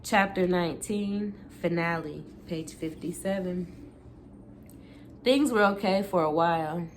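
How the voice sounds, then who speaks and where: Female booktuber with a low voice, reading a memoir aloud in a steady, unhurried way. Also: a little hiss or hum.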